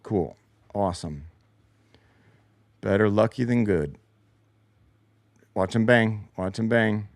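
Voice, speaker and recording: In a dry recording, a low-ish male voice moves slowly and pauses often. He's the host of a post-game show, working through replays in his basement while swearing constantly, sounding sarcastic and fed up.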